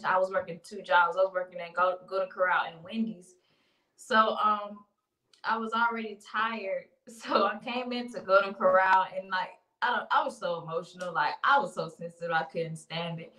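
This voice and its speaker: A woman's voice: mid-range voice, pushed and bright. A young woman guest telling a story in a casual chat, emotional and laughing along. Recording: echoey, far from mic.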